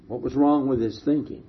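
A man preaches a sermon in a slightly high, husky voice, telling the story slowly and asking rhetorical questions. His pitch swings widely as he talks, and the recording sounds dull and lo-fi.

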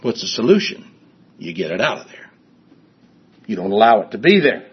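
A man's voice: fairly low pitch, very animated, normal speed, husky, dull audio. A man preaching a sermon with emphasis, repeating his key phrases and acting out people's excuses.

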